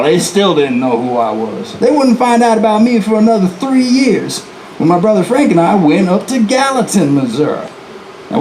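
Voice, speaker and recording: A man's voice: a little high, darkish tone, roomy sound, a little hiss or hum, close to an everyday voice, low-quality recording. A man playing a boastful, defiant male outlaw bank robber in a folksy first-person storytelling performance, talking straight to the audience. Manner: folksy, chatty asides to the audience. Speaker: historical reenactor. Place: live presentation venue, indoors.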